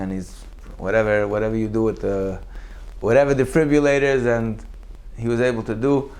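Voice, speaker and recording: A man delivers a sermon as a storyteller. His voice climbs and falls sharply as he acts out the people in his stories, then drops low and quiet at the tender moments. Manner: animated, acts out quotes with big pitch jumps. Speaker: rabbi giving a Torah class.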